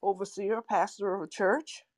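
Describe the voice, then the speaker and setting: A woman's voice: medium pitch, fairly even intonation, moderate pace, over a noisy crowd, poor audio. An older woman, a mother co-hosting a family podcast, chatting in a playful, affirming way. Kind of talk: casual family podcast chat.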